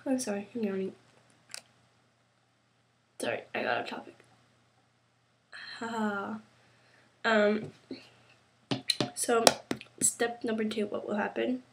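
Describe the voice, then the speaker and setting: A teenage girl vlogging casually to camera, rambling and halting with many fillers and restarts. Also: mid-range voice, vocal fry.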